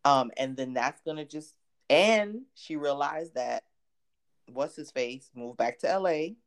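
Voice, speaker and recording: Low, lively woman, casual co-host chatter, laughs easily. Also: a little slow. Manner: animated, chatty, laughs often. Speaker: podcast co-host. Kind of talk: casual chat about a TV show.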